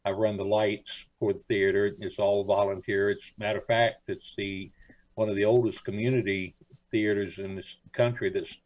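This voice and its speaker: The audio is poor but echo-free as this older Floridian, a radio guest, talks at normal speed in a low, darkish, flat voice. His casual interview chat wanders through folksy stories thick with fillers.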